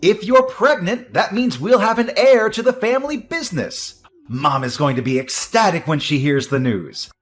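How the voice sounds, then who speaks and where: An actor playing an entitled young husband who defers to his mother, dismissive and prone to excited outbursts. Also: medium pitch, normal speed, hardly any pauses, faint music behind, natural voice. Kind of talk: audio drama acting.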